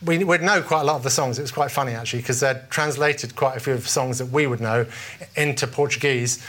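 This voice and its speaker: A man's voice: mid-range voice, fast talker, fairly bright tone. British man preaching, chatty storytelling. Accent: British English. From Britain. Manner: conversational, storytelling with frequent restarts. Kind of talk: informal sermon.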